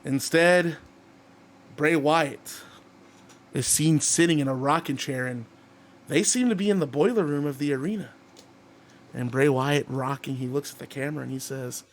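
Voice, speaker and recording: A man's voice: on the high side, normal speed, pauses often. A man casually narrating a wrestling game league, rambling, swearing freely and laughing at his own stories.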